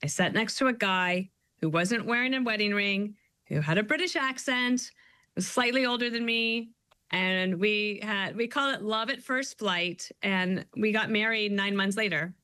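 A female guest author chats in a casual interview, her mid-range voice bright and clear at a slightly slow pace. She tells stories animatedly and drops into playful quoted voices. The sound is close and dry, with no room sound.

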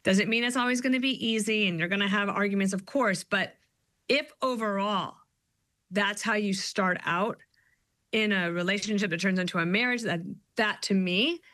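A woman's voice: medium pitch, normal speed, fairly bright tone, no room sound, studio quality. A woman guest author talking in a casual interview, chatty and upbeat, telling stories with playful quoted voices.

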